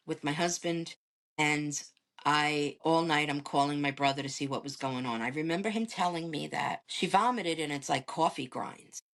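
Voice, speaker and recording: A woman, a podcast guest, casually telling a family story and acting out the dialogue as she goes. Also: low-pitched. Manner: animated retelling that acts out quoted dialogue. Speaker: podcast guest, caregiver sister.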